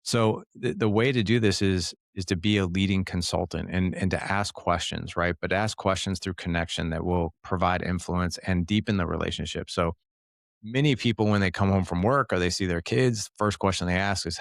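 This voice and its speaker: Earnest low gravelly-voiced dad coach. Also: male voice, moderate pace, no room sound, studio quality. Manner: earnest and coaching, repeats words, calls listeners man and dude. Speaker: podcast guest, fatherhood coach. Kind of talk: casual podcast conversation.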